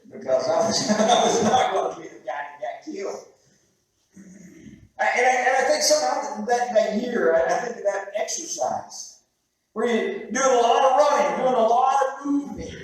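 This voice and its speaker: High-voiced preacher in an echoey hall. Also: male voice. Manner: storytelling, conversational with halting restarts. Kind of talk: sermon. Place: church sanctuary. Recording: very echoey room, heard from a distance.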